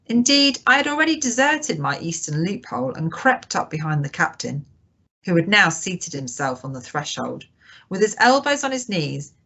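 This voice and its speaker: Woman narrator for a classic adventure audiobook; bright, animated, expressive delivery. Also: mid-range voice. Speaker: audiobook reader. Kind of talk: scripted narration.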